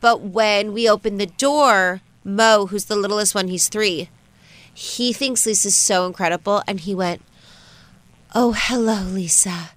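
Bright, clear-voiced gushing woman host. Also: medium pitch, a little slow, dry recording. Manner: gushing, enthusiastic. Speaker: radio show host. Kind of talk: casual chat.

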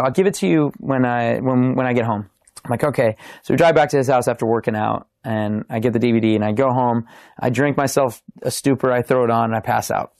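Young man, gravelly, dry close mic; animated testimony with quoted dialogue. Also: mid-range voice, a little fast, dry recording. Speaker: podcast guest. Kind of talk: casual testimony storytelling.

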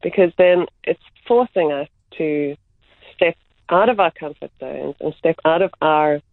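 A woman who runs art workshops, a guest explaining her approach in measured speech that slows on key words. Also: deep voice, no echo. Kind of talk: reflective interview answers. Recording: phone-like line, dry.

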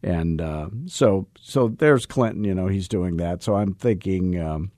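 A man's voice: sits low, unhurried, warm tone, no room sound, studio quality. A man in his sixties hosting a radio talk show, telling a long casual anecdote and acting out the other speaker's lines, with lots of fillers and restarts. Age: 60s. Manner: rambling anecdotes with acted-out dialogue and many restarts. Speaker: real estate sales coach, show host.

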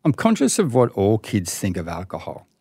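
An Australian man in his sixties speaks as a guest in a relaxed interview. His voice sits fairly low, and he spins his stories with easy energy. The recording is close and dry. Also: normal speed, no room sound. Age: 60s. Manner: lively storyteller who acts out other people's lines with big pitch leaps. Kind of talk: casual storytelling.

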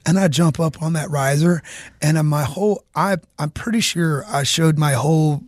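A man's voice: on the high side, normal speed, no room sound. A man who is a singer, chatting loosely and laughing as a guest in a radio studio. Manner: laughing, rambling storyteller. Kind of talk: casual chat and live singing.

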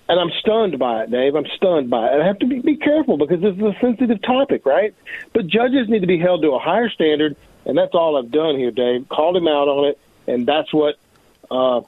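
A man's voice: a little high, slightly rough, dry recording. A man speaking as a lawyer guest in a radio interview, talking indignantly and emphatically, often repeating himself. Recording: tinny phone line.

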